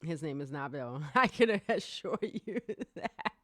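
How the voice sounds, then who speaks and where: A podcast host in their forties, chatting excitably on a live stream, rambling, laughing often and swearing freely. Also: mid-range voice, measured pace, no echo, clean studio sound.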